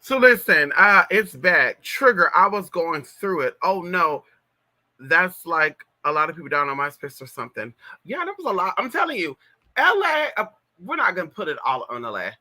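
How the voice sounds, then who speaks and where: Her fairly low voice is sing-song, bright and forceful at a normal speed as she hosts a casual livestream. The trans woman, in her thirties and from California, tells a gossipy story into a plug-in mic, addressing viewers with plenty of "girl" and "y'all."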